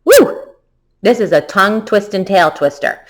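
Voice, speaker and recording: A woman, a children's book author, leading a tongue-twister activity for kids, saying words slowly and clearly for them to repeat. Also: medium pitch, poor audio.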